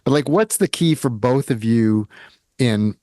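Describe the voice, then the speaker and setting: A man's voice: medium pitch, lively intonation, unhurried, dark tone, no room sound, clean studio sound. Male podcast host asking questions. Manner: conversational, hesitant questions. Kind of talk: interview questions.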